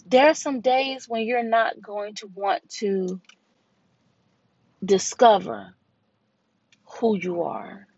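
A woman hosting a podcast, giving an inspirational faith talk in a slow, deliberate, preaching way. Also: medium pitch, gravelly, a little mellow, slightly rough, no room sound, dull audio. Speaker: podcast host.

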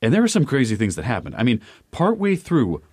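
In clean, dry studio sound, a male podcast co-host chats casually in a husky, darkish mid-range voice with huge pitch swings. He talks fairly quickly and rambles, often restarting and using fillers.

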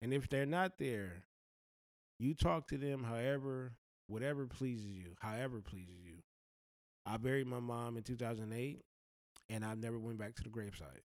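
A man talks straight to his listener with blunt, slangy, heartfelt advice. His pitch sits in the middle of the range, and he speaks with an earnest weight. The recording is dry, with no room sound. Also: moderate pace, dry recording. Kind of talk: direct-to-camera life advice monologue.

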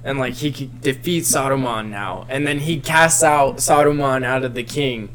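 A man in casual chat who retells a story in a rambling, animated way, full of filler words. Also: mid-range voice, normal speed, a little hiss or hum.

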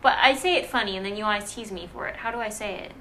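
A woman with a Hawaiian Pidgin-influenced accent chatting casually on a podcast, animated and quick to laugh and protest. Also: medium pitch, slight background noise. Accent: Hawaiian Pidgin-influenced English. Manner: animated, giggly, mock-indignant. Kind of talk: casual chat.

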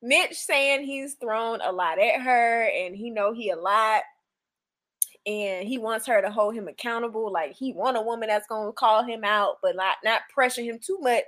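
A woman's voice: fairly high pitch, moderate pace, a bit bright. A woman co-hosting a casual chat, recapping reality TV bluntly and profanely, with mocking put-on quotes. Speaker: podcast co-host.

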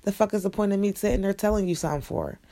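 A woman's voice: medium pitch, racing, warm tone. A young woman ranting bluntly and profanely in a casual monologue. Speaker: vlogger.

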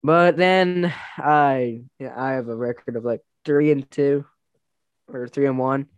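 A young man in casual chat, rambling through a story with plenty of "like" and "um" and bursts of laughter. His voice sits at an ordinary middle pitch, recorded close and dry with no room sound. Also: unhurried, smooth, dry recording, dull audio. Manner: rambling, laughing, lots of fillers. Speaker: wrestler telling stories.

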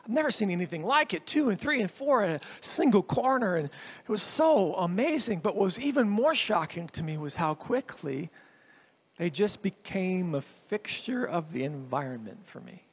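A man with a fairly high voice preaches a sermon as a guest speaker. He tells the story vividly, swinging between quick, loud stretches and low, quiet asides. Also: husky. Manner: storytelling, lively shifts in pitch and loudness.

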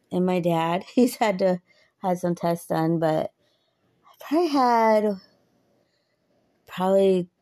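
A woman in her thirties shares her faith in an earnest, chatty way, often breaking into laughter. Her voice sits low and has a gravelly, fry-tinged edge. She speaks slowly, and the sound is dry and close. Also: mellow, dry recording. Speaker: podcaster. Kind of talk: personal faith talk.

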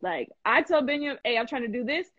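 A woman hosting a live stream in casual chat, animated and emphatic, laughing often and full of slang. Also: a little high, a little fast, no echo, lo-fi sound. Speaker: host.

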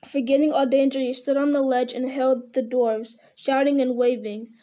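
High, mellow-voiced woman reading a story aloud. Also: level tone, normal speed. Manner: unpolished reading with frequent slips and restarts. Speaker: reader.

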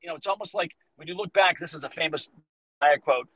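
A man in his fifties with a Boston accent, a fitness coach talking on a podcast, animated and motivational, acting out quoted lines as he tells stories. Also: a little high, quick pace, slightly rough, no room sound, rough recording. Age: 50s. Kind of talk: casual podcast conversation.

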